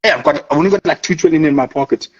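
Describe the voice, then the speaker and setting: A man's voice: on the high side, very fast, lo-fi sound, close to an everyday voice. A man voicing a boastful, hyped big-money trader in slangy banter.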